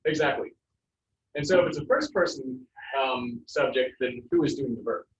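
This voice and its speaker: A man teaching a Spanish class, relaxed and jokey, with many fillers. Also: medium pitch, moderate pace, slight background noise. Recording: roomy, distant, muffled classroom sound.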